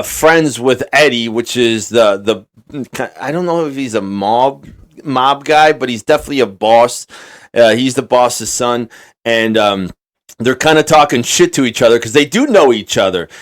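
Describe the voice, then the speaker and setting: A man's voice: mid-range voice, measured pace. A man co-hosting a podcast in casual chat, rambling and swearing freely, with lots of fillers and restarts. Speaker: podcast co-host.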